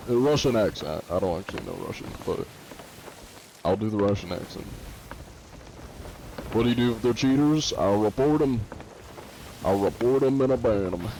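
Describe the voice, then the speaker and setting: A man's voice: on the low side, noisy background. A male streamer in casual live-stream chat, reading and answering viewers' messages offhandedly, with some swearing.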